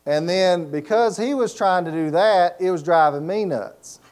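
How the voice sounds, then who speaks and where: A man's voice: sits high, a little slow, a little mellow. A middle-aged man preaching a sermon, telling folksy stories and asking the congregation to fill in words. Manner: folksy storytelling with laughs and call-and-response questions. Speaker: pastor.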